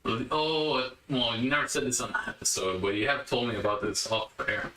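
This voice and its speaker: Male co-host, short agreeing interjections, bright voice, off-mic. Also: mid-range voice, moderate pace, far from the mic. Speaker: podcast co-host. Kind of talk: casual chat. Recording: echoey room, off-mic.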